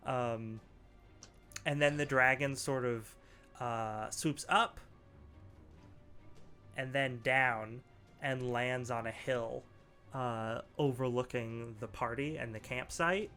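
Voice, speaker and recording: A man's voice: medium pitch, slow, long pauses. Laid-back male game master. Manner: relaxed, laughing, many fillers. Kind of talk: narrating a tabletop game. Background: faint background music.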